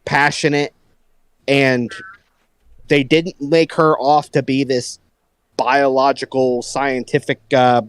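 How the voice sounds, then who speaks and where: A man on a headset mic, hosting a casual movie talk and acting out quotes with lively energy. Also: medium pitch, slow pace, long pauses, clear, resonant tone, no room sound. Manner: animated, acts out quotes, talks to his dog. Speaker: podcast host.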